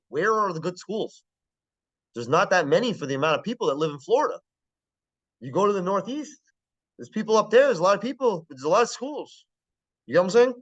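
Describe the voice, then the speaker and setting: A man's voice: medium pitch, muffled recording. A man giving a casual classroom lecture, blunt and profane, who keeps checking whether the class understands.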